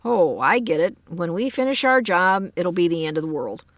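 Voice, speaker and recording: A gruff, sardonic man from the American South answers dryly, as a woman narrator puts him on. The storybook recording sounds dull and close, with no room around it. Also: on the low side, lively intonation, moderate pace, no room sound. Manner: dry, growling, sardonic.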